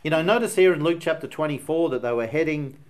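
A man with a Northern Irish accent delivers a sermon from the pulpit. His voice sits a little high for a man, and he preaches with earnest emphasis, slipping easily into homely storytelling. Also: fast.

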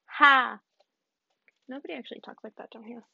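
A woman's voice: sits high, moderate pace, gravelly, breathy edge, no room sound. A young woman from the American South, rambling in a casual vlog with self-mocking, giggly asides while she tidies up. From Southern United States. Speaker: vlogger. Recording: dull, dry lo-fi recording.

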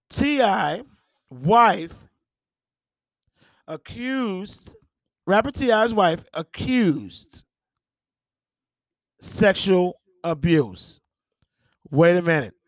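High-voiced man riffing on gossip. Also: dry recording, studio quality. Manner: profane, exclaiming and laughing over headlines. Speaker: podcast host. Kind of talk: casual celebrity gossip commentary.

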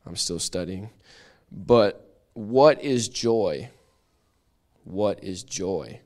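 A man's voice: deep voice, lively intonation, extremely slow, a little mellow. A man teaching a Bible study lesson in a chatty, self-deprecating way, often restarting his sentences. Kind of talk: casual church teaching.

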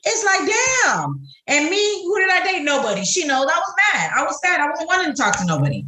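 A woman's voice: high voice, brisk. A middle-aged woman co-hosting a podcast, talking bluntly and profanely in casual chat. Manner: blunt, profane, animated storyteller. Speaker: podcast co-host. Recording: echoey room.

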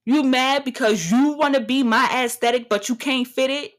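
A woman's voice: sits high, moderate pace. A woman in her thirties hosting a solo podcast, talking in a brash, profane, swaggering way. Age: 30s. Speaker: podcast host.

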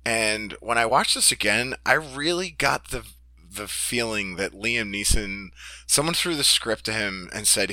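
A man's voice: on the low side, animated, measured pace, pushed and bright, no room sound. A man co-hosting a casual podcast, talking with enthusiasm, laughing often and repeating his words. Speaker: podcast co-host.

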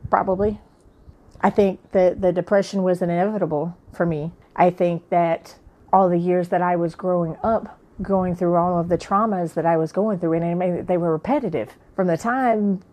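A woman's voice: fairly low pitch, warm tone. A woman and author telling her own life story in a frank, plain-spoken, conversational way. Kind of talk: candid personal storytelling.

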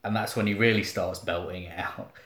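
A man's voice: deep voice, steady tone, fairly quick, fairly bright tone, reverberant. Wry laid-back man. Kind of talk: casual chat.

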